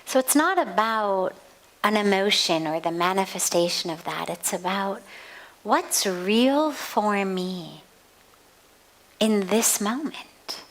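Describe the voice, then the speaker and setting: A woman spiritual teacher speaks at a gentle, unhurried pace, telling a story in a measured way. Her voice sits at a middle pitch. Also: lively intonation, poor audio. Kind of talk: spiritual talk at a satsang. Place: outdoor garden.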